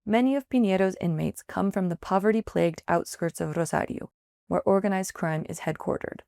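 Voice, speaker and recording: A woman reporter reading a written field investigation aloud in a measured, even scripted news narration. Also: mid-range voice, creaky, no echo, clean studio sound.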